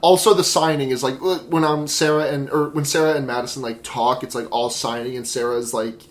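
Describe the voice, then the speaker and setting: Young woman, sore jaw, podcast co-host, halting, repeats words, casual. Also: extremely low pitch, steady tone. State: sore jaw after dental surgery. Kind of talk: casual movie discussion.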